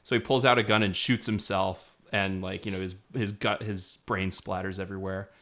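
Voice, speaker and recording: A man's voice: low-pitched, fairly even intonation, sharp tone. A young man co-hosting a podcast, chatting casually about a film, rambling with frequent laughs. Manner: rambling, laughs often, quick asides. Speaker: podcast co-host. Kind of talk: casual film review chat.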